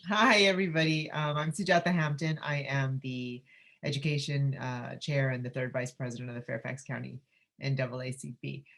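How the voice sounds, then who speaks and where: A woman's voice: very deep voice, steady tone, normal speed, creaky, fairly bright tone. A woman moderating a panel Q&A over a video call, effusive and emotional as she talks. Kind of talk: hosting a panel Q&A.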